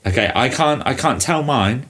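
A woman co-hosting a podcast, laid-back and teasing, laughing often, husky from a cold. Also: a bass voice, expressive, moderate pace, fairly bright tone. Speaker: podcast co-host. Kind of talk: casual chat.

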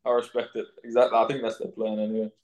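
A young man with an Australian accent, chatting loosely as a footballer guest on a podcast, laughing easily. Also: on the low side. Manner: relaxed, laughing, halting with fillers. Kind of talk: casual podcast interview.

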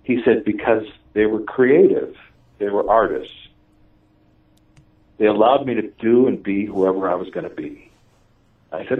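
A man telling stories in a casual conversation, animated and laughing, with many fillers and restarts. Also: fairly low pitch, moderate pace, pauses often. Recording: distant, tinny phone-like audio.

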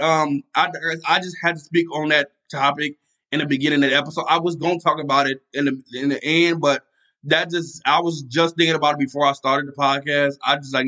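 Heated podcast host, bright and fiery. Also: male voice, medium pitch. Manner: angry, repetitive, many restarts and fillers. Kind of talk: casual solo podcast rant.

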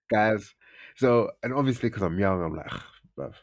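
A man's voice: on the low side, animated, measured pace. A young man, casually telling a story on a podcast and acting out his friends' lines in raised voices. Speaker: podcast host.

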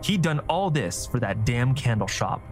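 A man reads a fantasy story aloud with a steady, even storytelling delivery. His voice sits in the middle of the male range. Faint music plays underneath. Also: medium pitch, normal speed. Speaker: narrator. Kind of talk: scripted fantasy narration.

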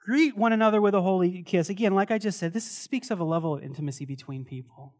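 High-voiced animated male pastor preaching. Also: quick pace. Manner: animated, laughing, repeats words when restarting. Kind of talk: sermon with closing prayer. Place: church service before a congregation.

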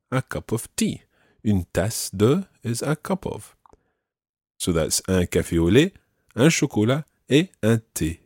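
Low, husky-voiced male language teacher. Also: very animated, a little mellow, no echo, clean studio sound. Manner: patient, methodical, slows down to model words. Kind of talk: explaining a lesson.

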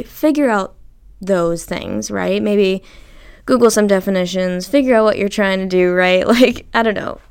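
A young woman hosting a casual solo podcast, chatty and animated, swearing freely and acting out what people said to her. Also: mid-range voice, gravelly, clear, resonant tone. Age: young adult. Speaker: podcast host.

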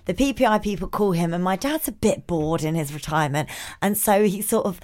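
A woman's voice: fairly low pitch, a little fast, darkish tone. A woman co-hosting a podcast in casual chat, blunt and chatty, swearing freely. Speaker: podcast co-host.

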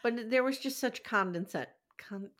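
A woman's voice: a little high, normal speed, a bit bright. A woman co-hosting a podcast in casual chat, frank and opinionated, laughing easily. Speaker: podcast co-host.

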